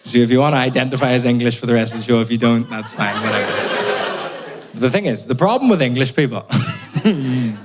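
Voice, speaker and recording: A man from Belfast with a Belfast accent does a live stand-up set. His delivery is exasperated and full of swearing, pitched in a middling register. The live recording carries clear background noise. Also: brisk, long pauses. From Belfast, Northern Ireland. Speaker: stand-up comedian. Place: comedy club stage.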